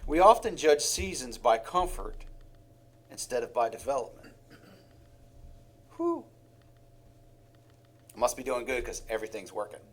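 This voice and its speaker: A man's voice: mid-range voice, big pitch swings, a little slow, long pauses. A man preaching a sermon in a heartfelt way, with sighs and acted-out examples.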